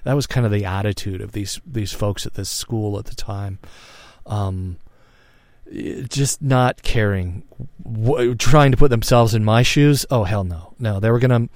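A man's voice: on the low side, a little slow, dry recording. A man of fifty telling a personal story in a frank, reflective monologue, swearing freely and often restarting his sentences. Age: 50s. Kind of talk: candid spoken monologue.

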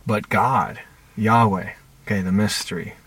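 A man's voice: on the low side, fairly even intonation, unhurried, a bit bright, husky. A man on a podcast, a counselor talking reflectively and telling stories about his clients in quoted dialogue. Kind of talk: conversational podcast talk.

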